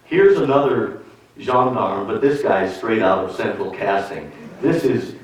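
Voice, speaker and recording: A man, a musician, telling a true story in an animated way, chuckling and acting out the other people in it. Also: on the low side, a little slow. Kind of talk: spoken storytelling. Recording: roomy echo, distant mic, faint noise.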